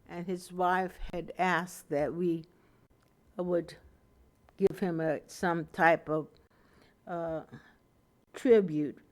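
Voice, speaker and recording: A woman's voice: sits low, a little mellow. Earnest woman council member. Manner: earnest, halting. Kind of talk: council meeting remarks.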